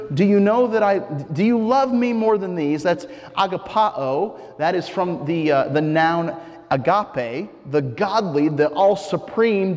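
A man's voice: high voice, darkish tone, in a large hall. A male pastor preaching a conversational sermon, explaining a point and asking the listeners rhetorical questions.

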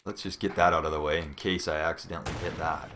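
A Canadian man commentating a video game live, excitable and swearing often. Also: very deep voice, fast, slight background noise. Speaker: let's play streamer. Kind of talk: casual gameplay commentary.

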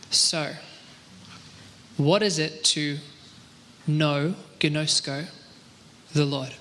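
Bright-voiced man teaching casually. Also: a little high, drawn-out words, long pauses, long reverb tail, slight background noise. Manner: relaxed, joking, reads scripture aloud. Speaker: church teacher. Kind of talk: casual Bible teaching discussion.

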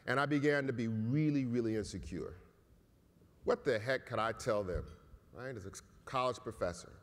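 Male keynote speaker, conversational storyteller, medium pitch, big reverberant hall. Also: moderate pace. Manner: conversational, often tags lines with "right?". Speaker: keynote speaker, college professor. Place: large conference hall. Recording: echoey hall.

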